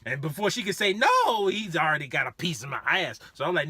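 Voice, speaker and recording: A rideshare driver telling stories in a casual, animated way, laughing as he goes. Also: on the high side, a little fast, slightly rough, dry recording. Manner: animated, laughing, acts out voices. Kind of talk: casual storytelling.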